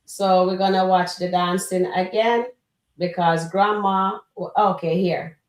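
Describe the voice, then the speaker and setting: A woman's voice: lowish voice, steady tone, takes it slowly, reverberant. A woman hosting a live reaction stream, chatting casually and speaking straight to her viewers. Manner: chatty, addresses the chat directly.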